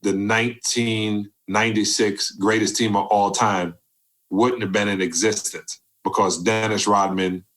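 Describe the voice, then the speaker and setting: A man in his fifties, a podcast guest telling stories from his career and acting out the voices of people he quotes. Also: a little slow. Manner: animated storyteller who acts out quoted voices with big pitch jumps. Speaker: podcast guest, former basketball player. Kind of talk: storytelling interview.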